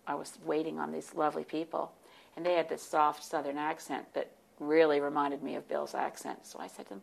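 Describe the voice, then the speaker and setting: A woman in her sixties telling stories as a guest in an interview, animated and warm, with laughs. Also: low voice, brisk, creaky. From United States. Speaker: guest, party leader. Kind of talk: storytelling in interview.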